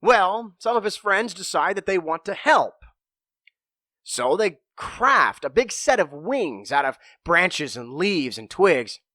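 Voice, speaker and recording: A man hosting a motivational podcast, telling a parable in an animated way and acting out the characters. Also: sits high, takes it slowly, dry recording, studio quality. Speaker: podcast host and speaker. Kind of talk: storytelling motivational talk.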